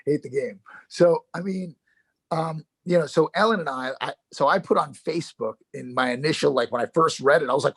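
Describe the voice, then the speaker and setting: Gravelly New York man telling stories. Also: on the high side, fairly quick, no echo. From Yonkers, New York. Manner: animated storytelling, frequent swearing and restarts. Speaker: actor guest. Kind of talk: casual interview chat.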